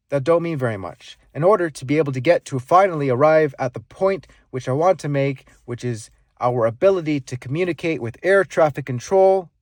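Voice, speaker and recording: A man teaching speaking skills, demonstrating volume, pitch and pauses as he explains them. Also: a little mellow, no room sound, studio quality. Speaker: speaking coach. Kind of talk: instructional monologue with live demonstrations.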